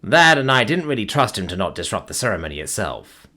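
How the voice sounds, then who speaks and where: A man's voice: on the low side, sing-song, fast, pushed and bright, exaggerated voice. A man voicing an easygoing, weary spaceship worker who talks in a slangy, laid-back way.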